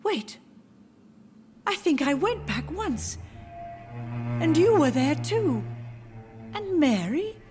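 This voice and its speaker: A woman's voice: high-pitched, sing-song, slow pace, pauses often, over music, exaggerated voice. An actress voicing an elderly, confused and grieving mother who talks in a tender, dreamy, wandering way. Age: older.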